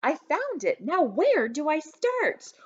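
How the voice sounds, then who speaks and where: A woman's voice: on the high side, huge pitch swings, takes it slowly, pitched above the performer's own voice, full character voice. A woman playing a giddy, eager little girl. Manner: bright, eager and bouncy. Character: cheerful, giddy little girl who mishears everything. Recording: dull lo-fi recording.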